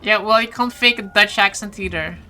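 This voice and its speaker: A Flemish woman from Flanders, Belgium, streams a game and chats casually with her viewers, swearing lightly as she plays. Her medium-pitched voice is brisk with a sharp tone, over slight background noise.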